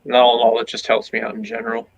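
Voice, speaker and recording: A man's voice: mid-range voice, completely flat delivery, racing, creaky, muffled recording. A man who runs his own channel, chatting casually as a guest on a livestream, easygoing and hedging. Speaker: fellow streamer guest. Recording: faint background noise.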